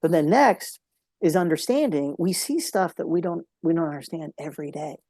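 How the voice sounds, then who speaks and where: A man's voice: fairly high pitch, moderate pace, warm tone, dry recording. A man speaking as a podcast guest, telling a heartfelt story in an earnest way and repeating key phrases for emphasis.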